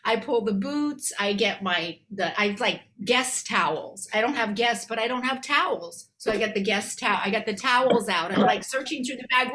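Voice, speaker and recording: A woman's voice: fairly high pitch, normal speed, few pauses, bright, forceful tone. A woman doing a rambling, self-deprecating stand-up set over a video call from her apartment, full of fillers and restarts. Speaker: comedian.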